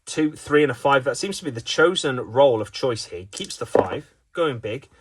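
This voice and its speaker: A man's voice: mid-range voice, lively intonation, moderate pace, slightly rough. A man giving playful mock sports commentary of a dice game he plays against himself, jokey and full of asides. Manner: playful, jokey, with frequent fillers and restarts.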